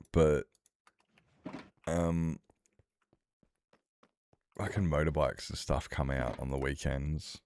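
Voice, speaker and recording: A man's voice: extremely low pitch, darkish tone. A man streaming a game, rambling in casual chat with his viewers, swearing freely and laughing often.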